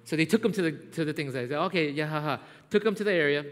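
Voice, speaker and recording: Male pastor, sermon storytelling, loud-to-hushed swings, slightly raised pitch, echoing hall. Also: fast.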